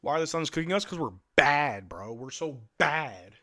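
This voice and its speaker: Bright-voiced man calling games as a frustrated fan. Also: fairly high pitch, animated, normal speed. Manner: exasperated, blunt, slangy fan talk. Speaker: live stream host. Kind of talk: casual fan play-by-play commentary.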